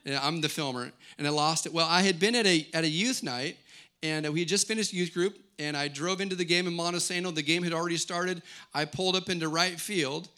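A man's voice: a little high, brisk, sharp tone. A middle-aged man preaching a sermon, declaring scripture lines with rising intensity and then teaching in a conversational way. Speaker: pastor.

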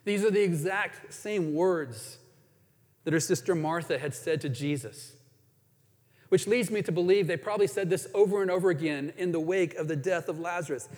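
A man preaching a sermon in an earnest way, moving between emphatic lines and hushed ones. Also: sits high, moderate pace. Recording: reverberant hall.

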